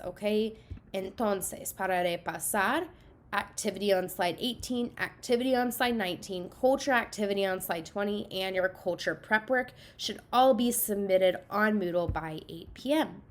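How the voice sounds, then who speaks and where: A woman's voice: medium pitch, unhurried. Spanish teacher woman explaining grammar step by step. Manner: explains step by step, switches between English and Spanish. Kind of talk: recorded online class lecture.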